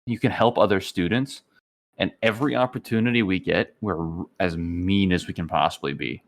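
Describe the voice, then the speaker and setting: A man co-hosting a casual podcast chat, telling relaxed stories and acting out game dialogue. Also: deep voice, normal speed, vocal fry. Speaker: podcast co-host.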